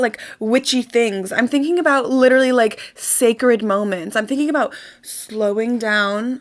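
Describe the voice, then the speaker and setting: A young woman hosting a casual self-help vlog, chatty and upbeat with lots of fillers, speaking into a desk mic. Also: on the high side. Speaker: host.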